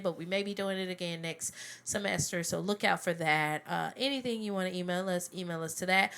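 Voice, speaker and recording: Woman podcast host, bright ringing voice, animated casual chat. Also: medium pitch, clean tone. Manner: animated, laughing, sings snippets.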